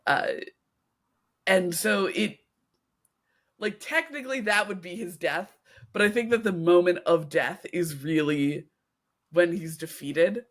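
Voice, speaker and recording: Slow, unhurried woman podcast co-host. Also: fairly low pitch. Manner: unhurried, drawn-out emphasis. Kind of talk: casual chat.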